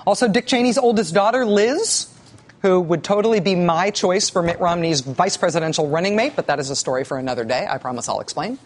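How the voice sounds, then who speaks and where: A woman's voice: lowish voice, animated. Sardonic woman hosting cable news. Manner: sardonic, mocking; quick asides with stammered restarts. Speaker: news show host.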